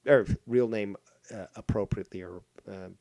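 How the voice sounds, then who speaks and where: Speaking at normal speed in a lowish, darkish voice, this man hosts his own live stream and rambles in a mocking, profane way with lots of fillers and restarts. A bit of background noise can be heard during the casual rant.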